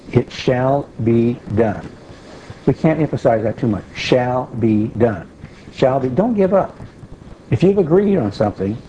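Mellow-voiced man teaching scripture. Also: mid-range voice. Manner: explanatory, repeats key phrases for emphasis. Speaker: Bible teacher. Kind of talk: conversational Bible teaching. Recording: dull lo-fi recording with faint hiss.

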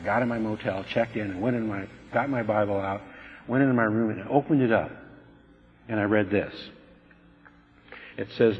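A man's voice: fairly low pitch, big-room sound, rough recording. A middle-aged man preaching a sermon, telling a personal testimony in an earnest, conversational way that often stops and restarts.

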